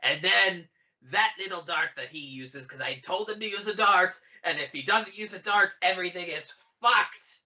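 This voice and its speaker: A man's voice: sits high, normal speed, bright, forceful tone, muffled recording. A man voicing a scheming male villain lord who boasts of his plans, in a gloating monologue.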